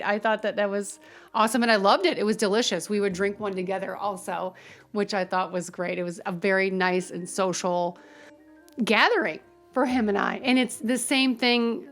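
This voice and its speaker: A woman, a guest barista, talking earnestly and telling stories in a relaxed interview. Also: mid-range voice. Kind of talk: casual interview.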